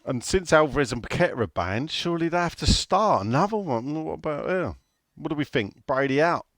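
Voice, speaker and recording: Bloke doing a casual football chat, very up and down voice, sweary and blunt, dead dry room. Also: male voice, fairly high pitch, sing-song, brisk, a bit bright, no echo. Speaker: podcast host reading listener questions.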